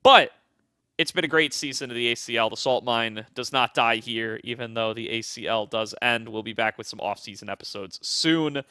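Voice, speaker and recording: Bright, upbeat young podcast host. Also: male voice, mid-range voice, clean tone, no echo, studio quality. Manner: upbeat, laughs often, quick sign-off patter. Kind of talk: casual esports podcast chat.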